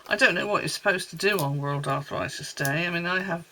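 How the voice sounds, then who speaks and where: A woman's voice: on the low side, fairly quick, bright, forceful tone, a little hiss or hum, low-quality recording. A woman from Wales chatting homely and rambling as she makes cards at her desk. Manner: chatty, homely, rambling asides while working. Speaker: card-making crafter. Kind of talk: casual crafting tutorial chat.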